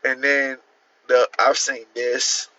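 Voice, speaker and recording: A man's voice: medium pitch, little pitch movement, slow, pushed and bright, lo-fi sound. A man hosting a casual livestream and reacting to posts, laughing often, incredulous and swearing freely. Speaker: livestream host.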